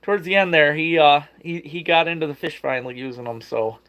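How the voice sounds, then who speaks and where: A man's voice: on the high side, a little fast, highs cut off. A man hosting a live stream for his fishing channel, sounding tired and chatting casually with viewers. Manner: tired, greets viewers by name, laughs often.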